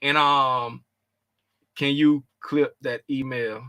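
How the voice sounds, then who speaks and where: Taking it slowly in a medium-pitched voice, a man runs a laid-back trading livestream and says hello to chat viewers by name. His talk is loud, animated, and slangy, and he laughs a lot.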